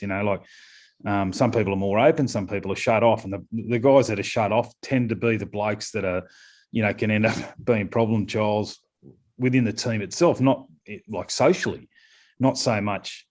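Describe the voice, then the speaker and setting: A middle-aged Australian scrum coach chats in a casual podcast interview, his voice fairly low and a little mellow. He rambles, using lots of fillers and repeating words.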